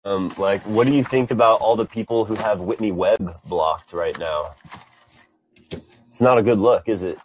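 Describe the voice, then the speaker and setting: A man's voice: fairly low pitch, moderate pace. A young man chatting casually on a podcast call, rambling with lots of fillers. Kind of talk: casual chat.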